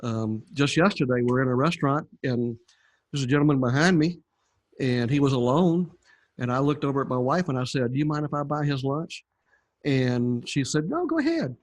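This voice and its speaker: A man's voice: mid-range voice, fairly even intonation, moderate pace. An older man, a podcast guest, telling his story in a rambling, conversational way with many fillers. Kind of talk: conversational testimony.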